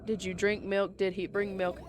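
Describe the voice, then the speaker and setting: A woman's voice: mid-range voice, level tone, normal speed, background noise. A woman playing a visual novel and reading all of its text and dialogue aloud, with casual asides of her own between the lines. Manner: reads all parts herself, with casual asides. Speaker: game player reading aloud.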